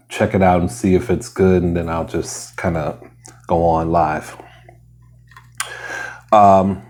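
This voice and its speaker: A man's voice: low voice, a little mellow. A man vlogging while he eats, chatting casually and rambling between bites. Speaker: mukbang vlogger. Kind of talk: casual chat while eating.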